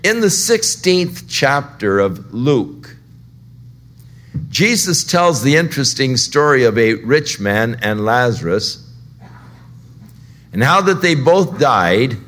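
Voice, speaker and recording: A male preacher works through a Bible passage in a slow, deliberate teaching style. His voice sits in an ordinary middle register, and it rises and grows louder as he presses the key moments. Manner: unhurried, conversational, rising to a loud pitch at dramatic points. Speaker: pastor. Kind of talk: verse-by-verse Bible teaching sermon.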